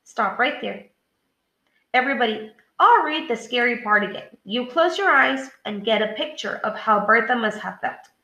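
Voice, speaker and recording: A woman teacher reading a story aloud to her class, pausing for questions and prompts in a clear, deliberate way. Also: fairly high pitch, animated, sharp tone, roomy sound, poor audio.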